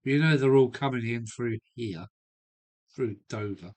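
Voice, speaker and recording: Englishman, middle-pitched, blunt and rambling live-stream chatter. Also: unhurried, a little mellow. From England. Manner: blunt, opinionated, rambling, with mild swearing. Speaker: model railway live streamer. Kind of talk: casual rambling chat to a live audience. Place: home loft. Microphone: live stream setup.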